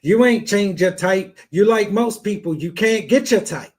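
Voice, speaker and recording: Blunt lecturing man, very high voice. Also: lively intonation, measured pace, hardly any pauses. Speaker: podcast host. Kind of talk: blunt advice talk.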